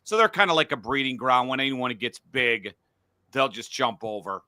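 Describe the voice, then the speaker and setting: A man's voice: mid-range voice, lively intonation, normal speed, sharp tone, no room sound. A middle-aged man hosting a casual sports podcast from a home studio, blunt and profane when he rants. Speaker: podcast host.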